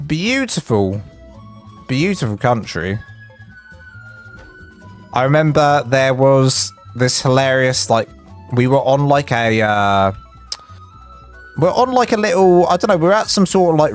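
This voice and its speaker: A man with an English accent chatting on a live game stream, rambling between building tips and chat stories, his voice jumping up when excited. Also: mid-range voice, slow pace, long pauses, soft background music. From England.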